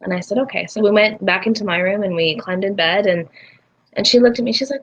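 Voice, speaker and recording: Animated woman telling a personal story. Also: medium pitch, a little fast, breathy edge, dull audio. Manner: animated, acts out voices in her stories. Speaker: guest, spiritual healer. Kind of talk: casual storytelling.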